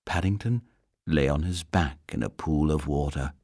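A man reading a children's story aloud as narrator, gentle and expressive. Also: extremely low pitch, moderate pace, breathy edge, no room sound, clean studio sound.

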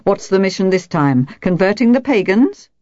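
A woman's voice: mid-range voice, big pitch swings, moderate pace, a little mellow, no room sound, dull audio, voice pushed up, lightly acted. A woman voicing a sly, malicious old village woman who teases lazily. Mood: mocking. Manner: malicious, lazy teasing.

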